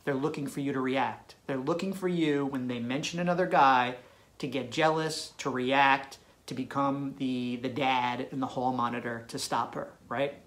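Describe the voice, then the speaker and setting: A man's voice: mid-range voice, fairly even intonation, moderate pace, fairly bright tone. Punchy male dating coach. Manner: emphatic, punchy, tag questions. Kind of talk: direct-to-camera advice video.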